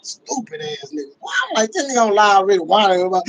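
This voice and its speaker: A man hosting a livestream, delivering a profane, mocking rant with sudden shouts. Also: sits high, sing-song, fairly quick, vocal fry, low-quality recording. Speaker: livestream host. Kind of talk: ranting livestream commentary.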